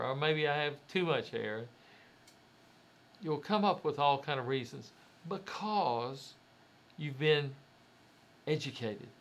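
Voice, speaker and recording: A man's voice: mid-range voice, a bit bright, slight background noise. A man giving a motivational talk, speaking directly to the listener in a conversational way and asking rhetorical questions.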